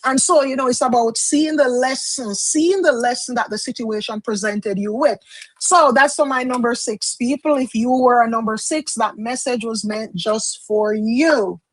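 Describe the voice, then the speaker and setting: A woman's voice: on the high side, normal speed, no room sound, low-quality recording. A woman from Jamaica giving a chatty live-streamed tarot reading, explaining as she goes and often repeating and restarting her phrases. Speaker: tarot card reader.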